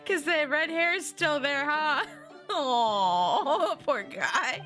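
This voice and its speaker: A woman's voice: high-pitched, expressive, extremely slow, long pauses, pushed and bright, faint music behind. A young woman streaming a video game, chatting casually and giggling often. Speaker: VTuber streamer.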